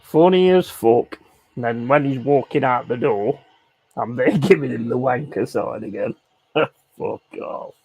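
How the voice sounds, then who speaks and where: A laddish man on a casual live stream, his voice a bit rough and gravelly. He rambles through a story, swearing freely, with asides like "and all this, that and the other." The sound is close and dry, with no room around him. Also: medium pitch, measured pace, a little mellow, no room sound. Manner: rambling anecdote with repeated asides. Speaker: streamer playing a football management game.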